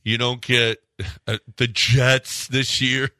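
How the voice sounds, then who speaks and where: A man's voice: mid-range voice, little pitch movement, slow, sharp tone, dry recording. A man hosting sports radio, needling his co-hosts in dry banter.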